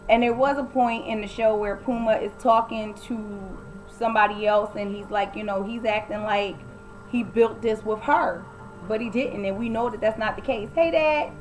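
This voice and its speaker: A woman's voice: medium pitch, normal speed, a little hiss or hum, low-quality recording. A woman giving a casual, blunt and opinionated recap of a TV episode, often acting out the quoted lines. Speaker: TV recap vlogger.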